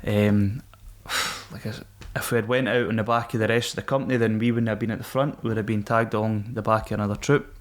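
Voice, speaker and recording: A man's voice: on the low side, fairly even intonation, fast talker. A Scottish man, a podcast guest, telling his story in a frank, casual way and swearing freely. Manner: frank, swears often, laughs things off. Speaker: podcast guest, former Royal Marine.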